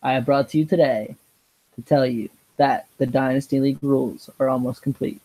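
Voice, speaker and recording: A man's voice: medium pitch, fairly even intonation, brisk, warm tone, no echo, lightly acted, low-quality recording. A man voicing a stiff male TV news anchor with a formal announcer delivery. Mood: announcing.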